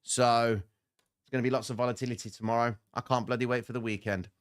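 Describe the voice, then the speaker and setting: A man's voice: mid-range voice, fairly even intonation, brisk, clean tone. A man hosting a live trading stream, giving blunt, slangy market commentary and answering chat comments.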